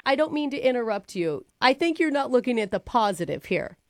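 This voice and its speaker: Teasing higher-voiced woman radio host. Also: fairly quick, slight background noise. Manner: breezy, teasing, deadpan salesy. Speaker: radio prank caller. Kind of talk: radio prank phone call.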